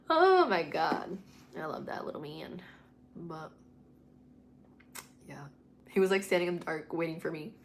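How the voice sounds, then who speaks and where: Lowish-voiced woman chatting on a livestream. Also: sing-song, a little slow, pauses often, a little hiss or hum. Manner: mixes english and spanish, swears freely, candid. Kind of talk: casual livestream chat. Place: home at night.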